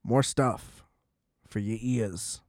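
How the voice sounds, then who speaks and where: A man's voice: on the low side, drawn-out words, a little mellow, dry recording. A young man hosting a solo podcast, ranting in a casual, profane, exasperated way and leaning on filler words. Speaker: podcast host.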